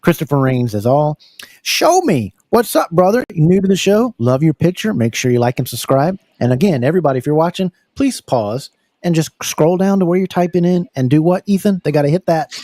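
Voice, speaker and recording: An American man hosting a live podcast, energetic and full of fillers, repeating words as he goes. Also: a little high, a little fast, dry recording. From United States. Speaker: podcast host. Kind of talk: casual live podcast chat.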